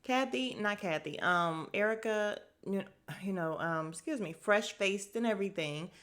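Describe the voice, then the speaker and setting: This podcast host recaps reality TV in a casual, sassy way, speaking at a normal pace in a mid-range voice. She's animated and mocks people's quotes with put-on voices.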